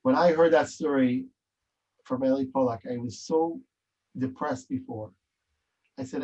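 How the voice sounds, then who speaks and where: In a dull, lo-fi recording, a man from Israel tells a story as an interview guest. His medium-pitched voice is warm, slightly rough and fairly even at a normal speed, and he speaks emphatically, repeating phrases.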